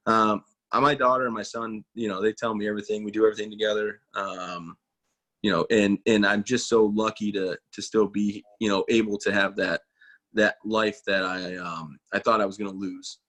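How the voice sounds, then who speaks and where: A man's voice: lowish voice, fairly bright tone. A man in his thirties, an army veteran, telling stories in a casual interview, folksy and self-mocking, acting out quoted voices. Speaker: guest, army veteran and motivational speaker.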